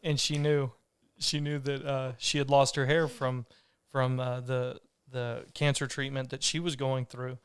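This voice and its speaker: A man's voice: medium pitch, flat delivery, measured pace, hardly any pauses, clean tone, no room sound, clean studio sound. A man, hosting a podcast and telling a personal story in an earnest, rambling way with restarts. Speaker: podcast host. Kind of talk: casual conversational storytelling.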